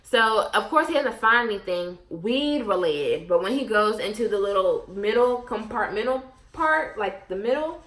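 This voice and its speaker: A young woman with a bright, ringing voice, chatting to camera in a loose storytime. She is blunt and foul-mouthed, and she acts out every line people said to her. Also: medium pitch, normal speed, hardly any pauses. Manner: blunt, profane, animated storytelling with quoted asides. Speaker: vlogger. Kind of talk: casual storytime chat.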